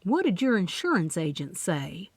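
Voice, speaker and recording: A woman voicing a calm, persistent male police officer in an audiobook, speaking firmly. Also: on the low side, normal speed, no room sound. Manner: firm, procedural.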